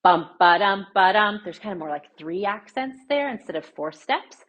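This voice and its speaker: A woman's voice: medium pitch, very animated, normal speed, slightly rough. A woman teaching a dance lesson as the instructor, scatting the rhythm as she demonstrates and often checking in with "right?". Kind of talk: dance lesson with sung counts.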